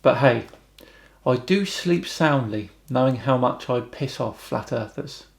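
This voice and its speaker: A British man hosting a YouTube channel, reading out viewer comments and answering them with wry, deadpan remarks. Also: medium pitch, a little slow, gravelly. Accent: British English. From Britain.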